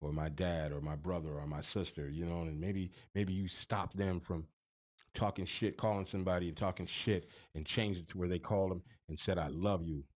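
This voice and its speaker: A man's voice: sits low, fairly even intonation, normal speed. A man co-hosting a podcast, talking casually with an emphatic, profane, preachy manner. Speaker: podcast co-host.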